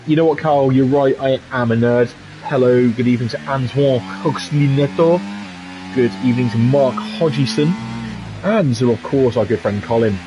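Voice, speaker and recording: A man's voice: medium pitch, rough recording. A man with a British accent giving chatty, joking solo commentary on an online racing league and answering viewer messages. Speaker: esports race commentator. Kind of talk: live solo commentary with chat replies.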